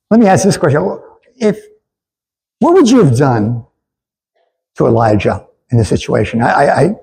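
Earnest male preacher with a husky, mellow voice. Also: mid-range voice, rough recording. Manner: earnest, stammering restarts, calls for congregation response. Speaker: pastor. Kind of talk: sermon.

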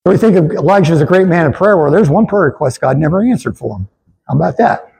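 A male pastor preaches with earnest conviction, stumbling over his words and starting sentences again. His voice is husky and mellow, and sits a little higher than most men's. He calls on the listeners to say the lines back to him. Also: lively intonation, fast talker, low-quality recording. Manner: earnest, stammering restarts, calls for congregation response. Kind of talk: sermon.

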